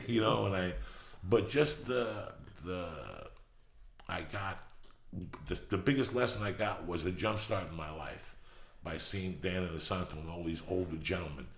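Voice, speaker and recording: A middle-aged man with a gravelly, somewhat low voice tells a long personal story as a podcast host. He swears constantly and works himself up into animated, emphatic bursts. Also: roomy sound. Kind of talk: storytelling monologue.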